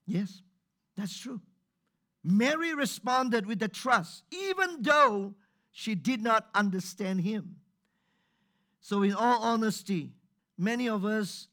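A man's voice: sits high, animated, slow pace, long pauses, bright, forceful tone. A man preaching a sermon to a live congregation in church, talking conversationally and putting questions straight to his listeners.

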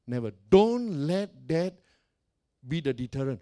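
A man's voice: a little high, expressive, unhurried, dark tone. A male pastor preaching a sermon, emphatic and repetitive, putting direct questions to his congregation.

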